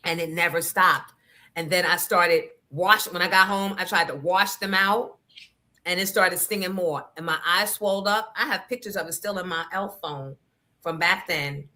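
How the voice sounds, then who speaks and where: Brief: woman host, casual chat, bright and forceful tone, candid and salty. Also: fairly low pitch, normal speed. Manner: candid, profane storytelling with asides to the audience.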